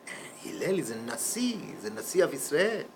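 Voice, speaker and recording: A man teaching a Torah class in a classroom, telling a story in an animated way. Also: mid-range voice, normal speed, creaky, soft background music. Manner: animated storyteller, shifts voice for quotes. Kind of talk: storytelling lecture.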